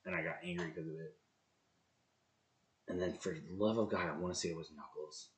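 Blunt, profane man with a low voice. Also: a little fast. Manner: blunt, profane, swings between loud outbursts and low mutters. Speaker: podcast guest, former Marine. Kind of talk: candid interview storytelling.

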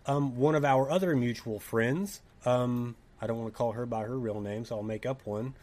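A young man with a Tennessee accent, telling a story in casual podcast chat, animated and laughing, swearing and acting out quoted dialogue. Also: medium pitch, moderate pace. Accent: Southern US, Tennessee. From Tennessee, USA. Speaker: podcast co-host.

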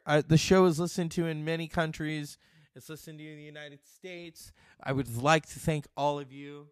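A man's voice: a little high, normal speed, clear, resonant tone, no echo, clean studio sound. A man in his forties hosting his own podcast, talking in a loose, profane and self-mocking way. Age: 40s. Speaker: podcast host. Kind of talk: casual solo podcast monologue.

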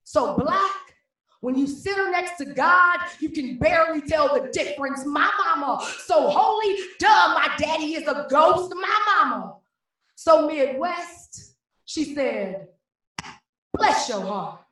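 A woman performing slam poetry in a high, bright voice. Her delivery is rhythmic and emphatic, and she drives each line home in slow, deliberate beats. She is picked up from across a very echoey room. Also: animated. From Cleveland, Ohio. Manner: rhythmic, emphatic declamation with repeated refrains. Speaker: slam poet. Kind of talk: spoken-word poetry performance. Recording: very echoey room, mic at a distance.

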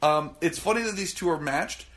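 A man's voice: fairly high pitch, a bit bright. A man co-hosting a podcast in casual chat, swearing freely and joking. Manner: swearing, jokey, puts on quick silly voices. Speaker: podcast co-host.

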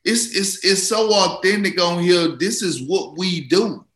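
Male co-host, somewhat high voice, playful and repetitive, roomy echo. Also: animated, a little slow, a bit bright. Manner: playful, repetitive, laughing, slangy. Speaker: podcast co-host. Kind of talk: casual sports talk.

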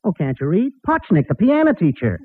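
An actor playing a bumbling, wisecracking young boyfriend in 1940s radio comedy, on a tinny old broadcast. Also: male voice, high voice, huge pitch swings, brisk, heavy background noise. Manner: wisecracking, mock-dramatic.

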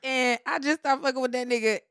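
A woman's voice: high voice, fairly even intonation, brisk, fairly bright tone, smooth, no echo, studio quality. A young adult woman, a podcast guest, telling a personal story in blunt, profane, casual chat.

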